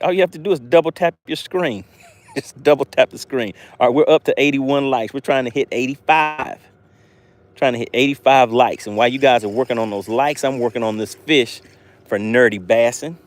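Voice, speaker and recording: A man hosting a live fishing stream, talking excitedly to his chat viewers. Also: mid-range voice, moderate pace. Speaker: fishing livestream host.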